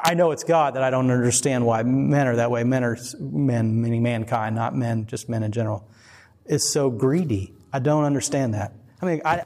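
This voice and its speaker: A man's voice: mid-range voice, a little mellow. A middle-aged man giving a casual, rambling sermon, earnest and often laughing. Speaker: preacher. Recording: long reverb.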